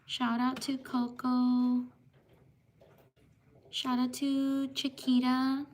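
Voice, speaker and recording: A woman hosting a livestream, reading out viewers' names slowly and apologizing when she might have mispronounced them. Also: high-pitched, monotone. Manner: slow, apologetic, drawn-out shout-outs. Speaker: livestream host. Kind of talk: livestream shout-outs.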